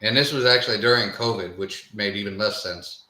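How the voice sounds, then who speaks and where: A man's voice: lowish voice, a little fast, bright, forceful tone. A man co-hosting a casual podcast, telling stories in an easygoing, meandering way. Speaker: podcast co-host. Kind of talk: casual storytelling chat. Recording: roomy echo.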